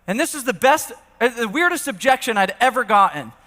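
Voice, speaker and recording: High-pitched, punchy man onstage in a big hall. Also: fairly quick. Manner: animated storyteller who acts out dialogue and rallies the audience. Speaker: sales keynote speaker. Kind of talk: energetic motivational stage talk with acted stories. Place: large event hall on stage. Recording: long reverb of a large hall.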